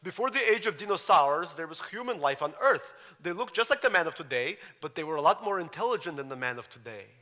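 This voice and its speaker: Earnest little boy with a russian accent, as a man reads him out, bright edge, echoing hall. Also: on the high side, expressive, voice pushed up. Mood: eager. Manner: earnest, halting, formal schoolbook English. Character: young immigrant boy reading his own story. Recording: lecture hall reverb.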